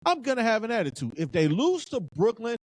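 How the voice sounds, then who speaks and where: Fired-up sports podcast man, high voice. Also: big pitch swings, a little fast, darkish tone, no room sound. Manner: fired-up, emphatic, repeats phrases for effect. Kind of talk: casual sports talk.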